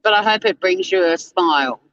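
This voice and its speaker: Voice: medium pitch, moderate pace, a bit bright, a little hiss or hum. A livestream host, chatting casually with viewers and reading chat, swearing freely and laughing often. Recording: dull lo-fi dry sound.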